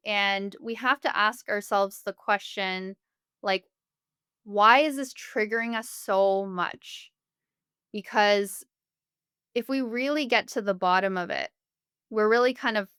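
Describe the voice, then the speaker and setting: Smooth, slightly high-voiced woman therapist. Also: a bit bright, no echo, clean studio sound. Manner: earnest, explanatory, with relatable everyday examples. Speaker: family therapist guest. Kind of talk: podcast interview.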